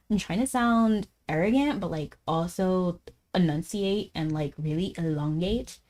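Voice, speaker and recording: A woman game streamer chatting casually as she plays, talking fast, laughing often and saying "like" a lot. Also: lowish voice, darkish tone. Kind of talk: casual live-stream chat while gaming.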